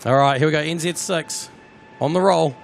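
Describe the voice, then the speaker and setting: A man with a New Zealand accent, hosting a live plane-spotting stream, chatty and excitable as he talks to his viewers outdoors at an airport. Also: fairly high pitch, normal speed, vocal fry, a little hiss or hum.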